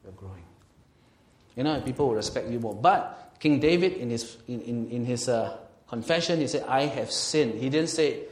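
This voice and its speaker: A male pastor with a Singaporean English accent delivers an animated sermon, rising to loud bursts and dropping to quiet emphasis. His voice sits in a middle range, and the sound carries a noticeable room echo. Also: mid-range voice, moderate pace. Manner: lively, swings from loud to quiet, laughs often, acts out quotes.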